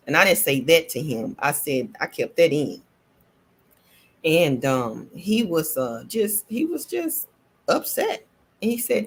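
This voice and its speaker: A woman vlogger telling a personal story in a casual, animated way, repeating herself and laughing between lines. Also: low-pitched, normal speed, slightly rough.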